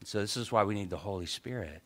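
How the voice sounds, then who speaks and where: A man preaching a sermon as pastor, telling a story lively and acting out his own grumbling thoughts. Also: lowish voice, quick pace.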